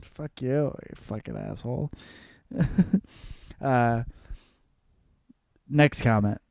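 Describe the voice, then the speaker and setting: Here the thirty-something host sounds a bit high and mellow, speaking slowly with frequent pauses in a dry, clean studio recording. He goes over listener comments in a loose, profane, rambling comedic monologue, laughing at his own jokes.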